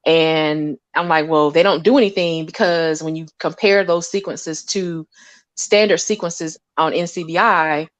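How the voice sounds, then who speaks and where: A woman with a lower-than-usual voice talks casually about lab work and the people around her. She tells stories with energy, acting out what others said. The recording is close and dry. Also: unhurried, no room sound. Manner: animated storyteller, acts out quotes, laughs often. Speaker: lab scientist guest. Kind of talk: casual conversation.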